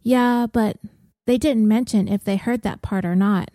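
A woman voicing a wry, gruff troubled woman. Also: medium pitch, unhurried, mellow, no echo, studio quality, close to an everyday voice. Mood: weary. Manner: wry, gruff and self-mocking. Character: troubled blunt woman, prone to self-harm.

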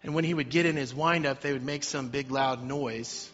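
A middle-aged man, a pastor, preaching a sermon that moves from quiet personal stories to loud, emphatic calls to the congregation. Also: medium pitch, moderate pace. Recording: slightly dull sound with faint music behind.

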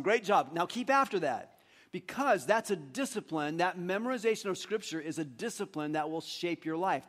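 A pastor whose voice is high gives a relaxed, conversational sermon in a church sanctuary, coaching the congregation through reciting in unison.

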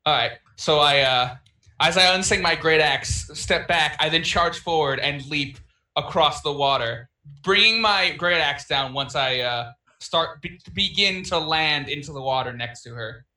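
A man's voice: on the high side, measured pace, bright, forceful tone, reverberant. A man playing a tabletop role-playing game, describing his character's actions with enthusiasm and many fillers. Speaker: player.

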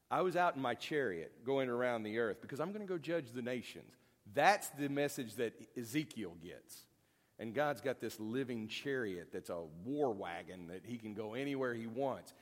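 A man teaching a Bible lesson in a folksy, conversational, joking way. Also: mid-range voice. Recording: long hall reverb.

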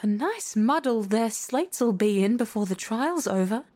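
A woman's voice: on the high side, lively intonation, normal speed, dark tone. Young storybook girl, read by a woman in her own voice; curious and outspoken. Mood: musing.

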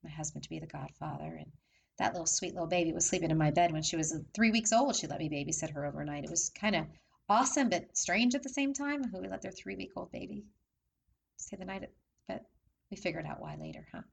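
A woman's voice: fairly low pitch, fast, vocal fry, a little hiss or hum, rough recording. A woman telling her own life story as a candid monologue, repeating phrases and asking the listener rhetorical questions. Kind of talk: personal testimony monologue.

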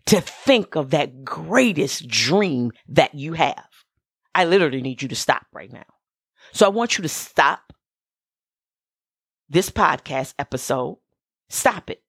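Woman minister hosting a podcast, lower voice, unhurried and insistent, dry close mic. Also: very animated, breathy edge, dry recording. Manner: emphatic, repeats key phrases, gives direct instructions. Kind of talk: motivational podcast talk.

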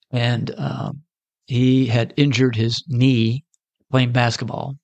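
This preacher relates a sermon story in a conversational style, voicing each of its characters himself. He has a mid-range voice with vocal fry, and the recording has no room sound.

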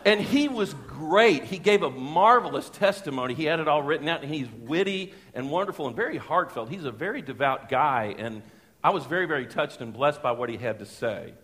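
A middle-aged man, preaching a sermon as a pastor and telling a personal story in a lively, folksy way with chuckles. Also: a little high, a little fast. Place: church sanctuary. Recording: long church hall reverb.

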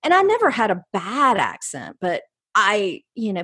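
A woman's voice: a little high, brisk, slightly rough. A middle-aged woman from North Carolina with a Southern accent, telling stories as a guest in an interview and slipping into voices when she quotes people. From North Carolina, USA. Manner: animated, jumps into voices when quoting people. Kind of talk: casual storytelling interview.

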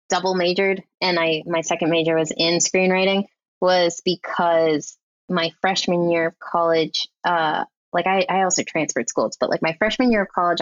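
A woman's voice: fairly low pitch, dry recording. A young adult woman, a film editor guest, telling stories in a casual, chatty podcast interview full of fillers. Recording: slightly dull lo-fi audio.

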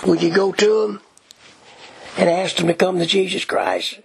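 A man giving a dramatic first-person gospel tract reading, solemn, measured and pleading in the manner of a preacher. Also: high-pitched, steady tone, gravelly, breathy edge.

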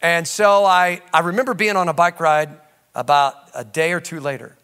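A man preaching a sermon as pastor, animated, swinging from shouts to low asides and calling out to the congregation. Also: moderate pace, smooth. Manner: conversational storytelling with audience call-outs.

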